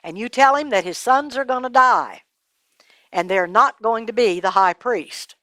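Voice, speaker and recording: A woman voicing God in a storytelling reading, speaking in a plain, measured way. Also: on the high side, bright, forceful tone, no echo. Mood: solemn. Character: God speaking calmly to a boy.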